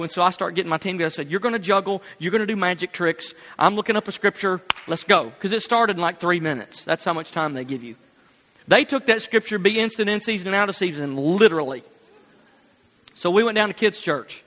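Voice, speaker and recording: A man preaching a sermon, telling a personal story in an animated way and laughing at his own jokes. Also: high voice, quick pace, big-room sound.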